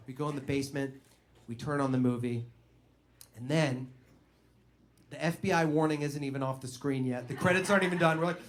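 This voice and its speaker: A young man doing stand-up, telling a story in an animated way and acting out the voices of other people. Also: high-pitched, a little fast. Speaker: stand-up comedian.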